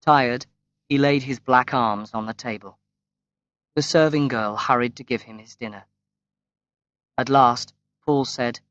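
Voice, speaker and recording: A man reading a graded-reader story aloud as audiobook narration, slow and measured with long pauses. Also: mid-range voice, steady tone, a bit bright, no room sound. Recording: dry, slightly dull lo-fi recording.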